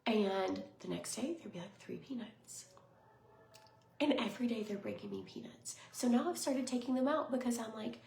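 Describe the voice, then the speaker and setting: A woman in her thirties talks in a casual vlog, bubbly and rambling, full of fillers, and sometimes dips into soft whispers. Her voice has a touch of vocal fry. The room is echoey, with a faint hiss behind her. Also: on the high side, sing-song, normal speed. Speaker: lifestyle vlogger.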